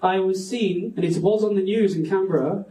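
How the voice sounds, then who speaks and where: A man's voice: sits high, normal speed, dark tone, distant mic. A Scottish man doing a stand-up set on a comedy club stage, rambling, self-mocking and sweary. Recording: roomy club sound from off-mic.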